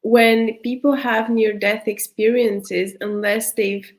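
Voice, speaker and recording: A woman host asking an interview guest gentle, unhurried questions. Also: fairly high pitch, level tone.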